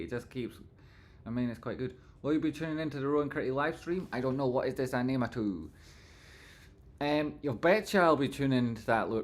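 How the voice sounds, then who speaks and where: A man running a casual live stream, chatting with his viewers and thanking them one by one. He is playful and breaks into silly sung phrases, at a middle pitch for a man. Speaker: livestream host.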